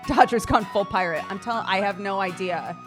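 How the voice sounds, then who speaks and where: A woman's voice: mid-range voice, a little fast. A woman streamer chatting casually while playing a game, with giggly asides. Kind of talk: live game-playing chat. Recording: faint game music behind.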